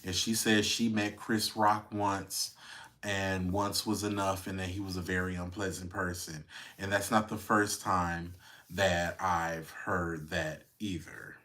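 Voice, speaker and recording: A low-voiced man hosts a podcast, dishing celebrity gossip at an unhurried pace in a level tone that sounds pushed and bright. He is chatty and wry, laughing often and using lots of fillers.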